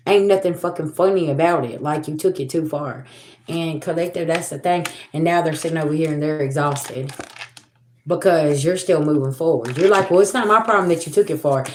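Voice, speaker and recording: A woman's voice: low-pitched, darkish tone, echoey room. A woman giving a livestream spiritual reading, talking bluntly and profanely, repeating herself as she scolds. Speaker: tarot reader.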